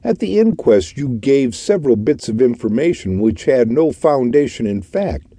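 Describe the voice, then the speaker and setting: A man's voice: mid-range voice, very animated, moderate pace, warm tone, breathy edge, no echo, clean studio sound, pitched above the performer's own voice. A man voicing a stern, suave detective who speaks in a commanding, contemptuous way in an audiobook.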